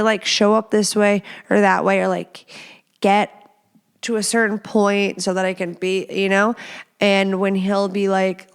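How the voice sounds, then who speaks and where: Chatty, playful woman podcast host. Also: mid-range voice. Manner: chatty, playful, lots of fillers. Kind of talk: casual advice chat.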